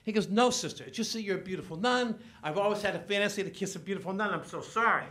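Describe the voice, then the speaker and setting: An older man performing a stand-up comedy set, telling stories and acting out each person's lines in quick back-and-forth. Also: high voice. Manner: animated storytelling, acts out family members in quick back-and-forth. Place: comedy stage.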